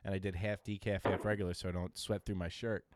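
A man's voice: low-pitched, quick pace, no room sound. A man telling rambling, profane stories in a casual podcast chat. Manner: rambling, profane, animated storytelling. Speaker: podcast co-host.

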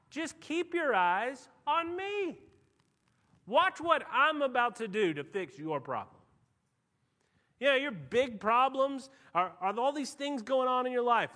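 A man preaching a sermon as pastor, telling stories and swinging from quiet asides to loud, emphatic peaks. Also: extremely high pitch. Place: church.

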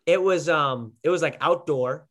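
A young man with a somewhat high voice talks in a loose, rambling way. He fills his sentences with "like" and "you know" as he tells stories to a podcast host. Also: a little slow. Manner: rambling, filler-heavy storytelling. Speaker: guest, former college wrestler. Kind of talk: casual conversation.

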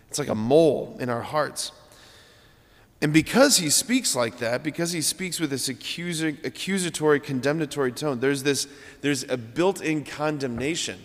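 A man preaching a homily as a priest, earnest and emphatic, using repeated phrases for weight. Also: medium pitch. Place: large church. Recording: long church reverb.

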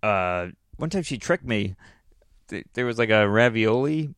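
Man, lower register, rambling storyteller, casual podcast chat, dry sound. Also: animated, measured pace, a bit bright, no room sound. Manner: rambling, self-interrupting, laughs often.

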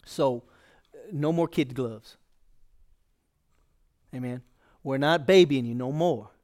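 A man's voice: medium pitch, slow pace, darkish tone. A male pastor preaching a sermon in a folksy, conversational way.

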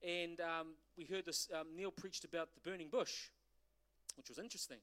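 High-voiced animated preacher man. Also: normal speed. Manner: animated preaching with rhetorical questions. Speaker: pastor. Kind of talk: sermon.

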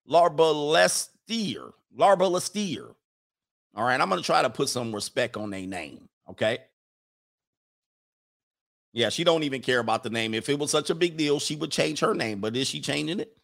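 A man's voice: on the high side, lively intonation, moderate pace, gravelly, fairly bright tone. Joking, rambling male livestreamer. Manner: rambling, joking, talks back to himself. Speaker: live-stream host reading viewer chats. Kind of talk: casual live-stream commentary.

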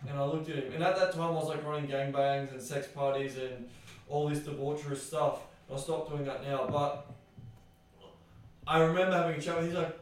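Male podcast host, fairly high voice, animated storyteller who swears freely, distant mic in a very echoey room. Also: a little fast. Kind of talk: casual storytelling.

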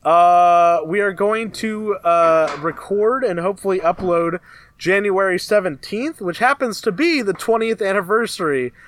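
A man's voice: sits high, a little slow, fairly bright tone. A man co-hosting a casual podcast, steering the talk and announcing what comes next. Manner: leads the show, announces segments. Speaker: podcast co-host.

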